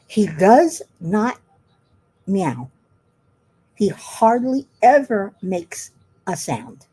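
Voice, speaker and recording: A woman's voice: lowish voice, warm tone, breathy edge. A woman chatting casually while she works on a craft at home, rambling and laughing often. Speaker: craft vlogger.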